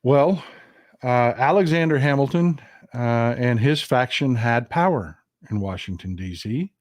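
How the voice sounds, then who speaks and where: Folksy man, animated commentary. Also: medium pitch, a little slow, no room sound. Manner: folksy, animated, mocks historical figures in quoted voices. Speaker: political livestream host. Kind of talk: casual political commentary.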